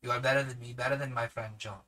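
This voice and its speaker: A man's voice: mid-range voice, fairly even intonation, fast, sharp tone, close to an everyday voice, rough recording. A man reading as a grave elderly professor. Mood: grave, kindly. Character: grave elderly male professor, commanding and kindly.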